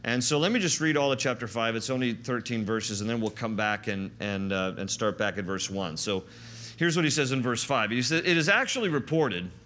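A man preaching a sermon, teaching through a Bible passage in a conversational, animated way. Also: medium pitch, fairly quick. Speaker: pastor.

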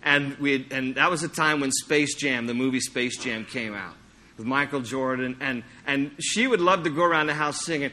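A middle-aged man preaching a sermon in a church, lively and storytelling, acting out little scenes as he goes. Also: fairly high pitch, a little fast, slight background noise. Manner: animated, acts out anecdotes with playful sung impressions. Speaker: pastor. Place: church sanctuary.

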